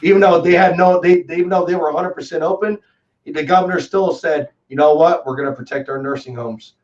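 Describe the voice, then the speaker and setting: Fast-talking Texan man on a muffled call. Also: on the high side. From Texas. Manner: rambling, animated storytelling with lots of fillers. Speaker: guest. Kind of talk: casual chat. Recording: distant, dull lo-fi call audio.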